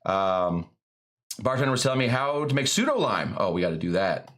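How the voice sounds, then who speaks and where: A man's voice: lowish voice, sing-song, brisk, fairly bright tone. A man hosting a live cocktail stream, chatting in a rambling, jokey way full of fillers. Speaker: host of a live cocktail show.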